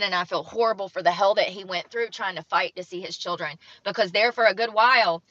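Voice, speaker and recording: A woman's voice: mid-range voice, pushed and bright, dry recording. A young woman vlogger reading from an article and adding blunt, judgmental commentary. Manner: blunt and judgmental, reads aloud then comments. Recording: dull lo-fi sound, dry room.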